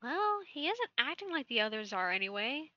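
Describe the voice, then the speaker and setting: A man's voice: very high voice, very animated, moderate pace, pushed and bright, no echo, muffled recording, voice pushed up, heavily acted. A man voicing an anxious young boy on the run, with alarmed, questioning lines. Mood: wary.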